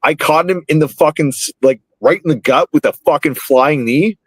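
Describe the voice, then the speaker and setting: A man's voice: fairly high pitch, moderate pace, no room sound. Rambling, profane man in his thirties. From Canada. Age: 30s. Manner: rambling, heavily profane, filler-laden storytelling. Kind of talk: casual podcast chat, storytelling.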